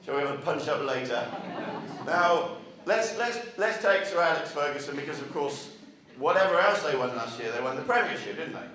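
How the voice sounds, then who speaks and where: A man's voice: fairly high pitch, expressive, normal speed, a crowd in the background. A man giving a marketing speech to a live audience at a regional meeting, chatty and full of rhetorical questions put to the room. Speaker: marketing speaker. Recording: echoey hall, mic far off.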